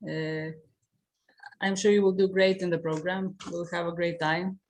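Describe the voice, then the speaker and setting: Low-voiced woman hosting an online meeting. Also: moderate pace, a little hiss or hum. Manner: informal, steady, with frequent "uh" fillers. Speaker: meeting host. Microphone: video call.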